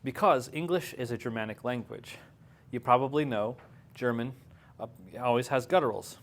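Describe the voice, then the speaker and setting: A man's voice: medium pitch, moderate pace. Joking man teaching a class. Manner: joking, chatty, laughs often. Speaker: Hebrew teacher.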